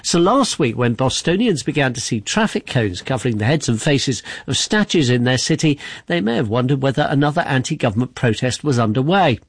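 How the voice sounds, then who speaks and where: Male news presenter, husky voice, measured scripted read, dry studio sound. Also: mid-range voice, lively intonation, no echo.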